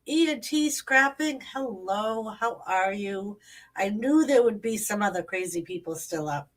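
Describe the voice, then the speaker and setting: Hosting her channel from home at night, a woman greets viewers by name in a casual late-night livestream chat. Her medium-pitched voice is animated yet unhurried, her nose sounds stuffy, and the mic is far away.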